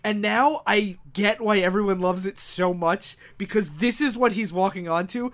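Man, high voice, podcast co-host, excited and jokey. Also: normal speed. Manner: enthusiastic, laughs often, jokey asides. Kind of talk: casual comic book chat.

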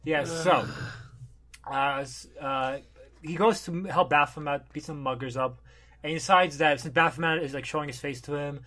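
A man's voice: on the high side, steady tone, moderate pace, pushed and bright. A man recapping a comic in a jokey, casual way on a podcast. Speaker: podcast co-host. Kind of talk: casual comedic chat.

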